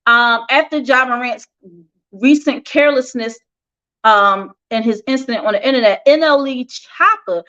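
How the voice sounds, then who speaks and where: A woman's voice: high voice, a bit bright. A woman hosting a casual celebrity gossip news show, making opinionated asides between stories. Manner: chatty, opinionated asides with laughs. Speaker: host reading celebrity news. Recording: dull lo-fi sound.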